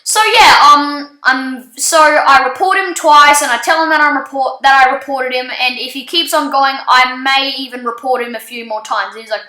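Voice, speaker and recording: A woman telling a casual story about something that happened to her in an online game, rambling and halting, with lots of ums and restarts. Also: sits high, fairly even intonation, pushed and bright, echoey room, poor audio. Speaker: gaming channel storyteller.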